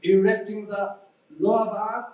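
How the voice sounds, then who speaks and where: A man with a Japanese accent, a native Japanese speaker, guiding a posture demonstration in halting English and repeating his key instructions. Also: high-pitched, little pitch movement, a little mellow. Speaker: meditation instructor. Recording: roomy lecture hall, voice from a distance.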